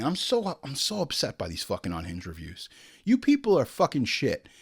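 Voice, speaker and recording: A man's voice: mid-range voice, huge pitch swings, normal speed, breathy edge. A man hosting a horror podcast, ranting sarcastically and swearing as he reads out reviews. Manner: profane, sarcastic, heated. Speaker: podcast host.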